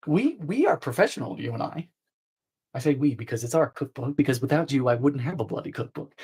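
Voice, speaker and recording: A man hosting a live baking stream, chatting playfully with viewers, trailing off and restarting, with sudden high squeals. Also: sing-song, brisk, darkish tone, breathy edge, rough recording. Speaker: baking show host.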